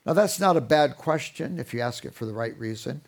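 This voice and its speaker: A man's voice: medium pitch, a little fast. A middle-aged man speaking on Christian parenting in a sermon style, telling stories and acting out parents and children. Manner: animated storyteller, mimics parents and kids. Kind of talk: sermon-style talk with acted parent voices.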